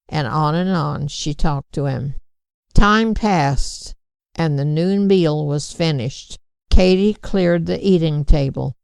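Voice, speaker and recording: Slow, gravelly woman reading a story. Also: low-pitched, darkish tone, dry recording. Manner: measured, unhurried. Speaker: audiobook reader. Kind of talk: storybook narration.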